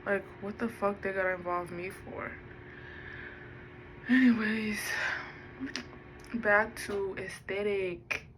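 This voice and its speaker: A woman vlogs in an unhurried, drawn-out way, thinking aloud and wandering from one subject to the next. Her voice sits at an ordinary pitch. A faint hum of background noise runs under her talk. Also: fairly even intonation, fairly bright tone, low-quality recording. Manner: musing, self-talking, drifts between topics. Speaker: vlogger. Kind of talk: rambling personal vlog.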